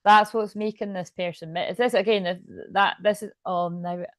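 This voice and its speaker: A woman's voice: mid-range voice, steady tone, moderate pace, no echo. A woman with a Scottish accent giving a rambling, chatty tarot reading, swearing freely and laughing often. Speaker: tarot reader. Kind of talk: casual tarot reading to camera.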